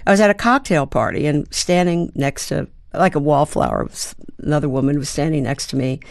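A woman's voice: low-pitched, big pitch swings, a little fast, vocal fry, no room sound, studio quality. A woman in her seventies from Baltimore, a guest actor and playwright telling stories thoughtfully, with hesitant fillers. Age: 70s. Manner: reflective storyteller, hums rhythms, hesitant fillers. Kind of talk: conversational interview.

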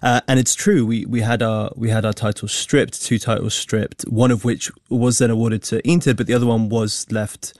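A man's voice: mid-range voice, flat delivery, moderate pace, hardly any pauses, darkish tone, no echo. A man speaking as a studio guest on a radio discussion, thoughtful and repeating words as he starts his points. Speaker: studio guest, football fan.

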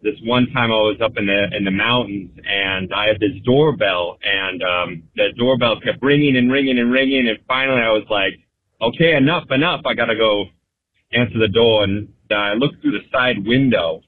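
Low voice guy calling in, rambly and amused, phone sound. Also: normal speed, hardly any pauses, no echo. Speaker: caller. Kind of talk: phoned-in storytelling. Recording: tinny phone line.

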